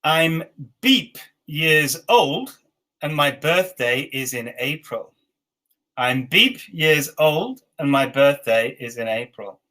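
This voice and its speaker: A man in his forties with an English accent, leading an online teacher training session with slow, clear dictation and encouraging feedback. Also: medium pitch, pushed and bright, poor audio. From England. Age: 40s.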